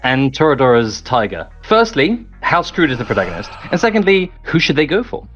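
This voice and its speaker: A man asking playful questions in a casual online chat, expressive in delivery. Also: mid-range voice, a little fast, dull audio, faint music behind.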